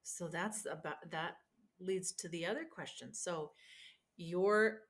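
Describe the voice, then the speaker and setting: A woman raised in the Midwest after an Argentine childhood, speaking with a Midwestern accent in a casual interview, animated with quick asides. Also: lowish voice. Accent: Midwestern American. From Argentina, raised in Illinois from age twelve. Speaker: interviewee, Spanish teacher. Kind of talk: casual conversation.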